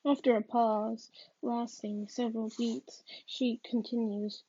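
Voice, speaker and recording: A woman's voice: a little high, flat delivery, takes it slowly, few pauses, mellow, husky, dry recording, muffled recording. A woman reading a novel aloud, hesitant and often restarting her sentences. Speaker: reader.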